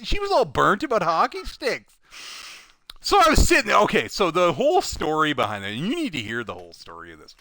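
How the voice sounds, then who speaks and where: A man chatting casually on a live stream, telling a work story with lively swings between loud and soft and acting out the people in it. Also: high voice, dry recording.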